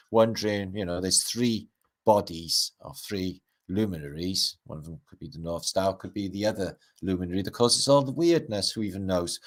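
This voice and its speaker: A man's voice: sits low, fairly bright tone. A middle-aged man, rambling and swearing through a casual livestream chat as its host. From Britain.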